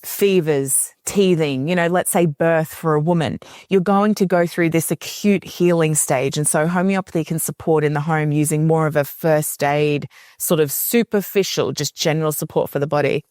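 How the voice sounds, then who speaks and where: Woman, earnest and low-voiced. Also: moderate pace, few pauses, no echo, clean studio sound. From Australia. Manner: earnest, animated when retelling clients' words. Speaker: podcast guest. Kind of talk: conversational explanation.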